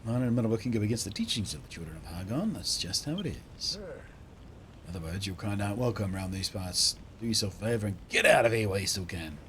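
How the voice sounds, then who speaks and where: A man voicing a washed-up old tavern keeper in a game who grumbles gruffly at strangers. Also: on the low side, sing-song, fast talker, fairly bright tone, a little hiss or hum. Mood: grumbling.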